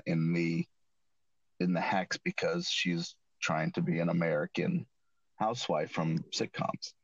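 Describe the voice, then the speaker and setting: A man's voice: low voice, no echo. A man hosting a casual chat show, recapping an episode in a rambling way with many restarts and self-corrections. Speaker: podcast host recapping an episode. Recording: dull lo-fi dry recording.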